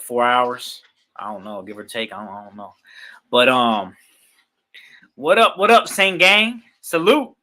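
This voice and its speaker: A man's voice: mid-range voice, bright, forceful tone. Laid-back rambling man on a livestream. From Queens, New York. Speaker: dog breeder livestreaming a raffle. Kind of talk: casual livestream chat.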